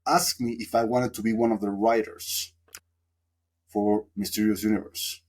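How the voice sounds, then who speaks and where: A man's voice: on the low side, level tone, moderate pace, darkish tone, soft background music. Man telling a story, many fillers. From Mexico. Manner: reflective, rambling with many fillers. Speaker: podcast guest. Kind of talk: casual storytelling interview.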